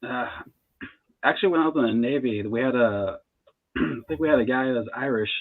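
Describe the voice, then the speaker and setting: In a laid-back interview chat, this man in his 30s, who reads tarot, laughs as he moves between ideas. His voice is medium in pitch and a little fast, and the dry recording sounds thin, like a phone line.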